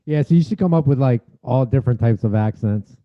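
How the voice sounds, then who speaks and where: A man's voice: medium pitch, fairly quick, highs cut off. A man guesting on a casual podcast, joking and laughing often, saying "dude" a lot. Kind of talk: casual roundtable chat.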